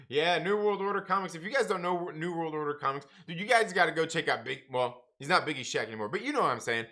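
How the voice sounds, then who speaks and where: Male livestream host, animated, bouncy pitch, casual banter, laughs a lot. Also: brisk. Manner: laid-back, laughs often, calls viewers man and bro. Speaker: comics review livestream host.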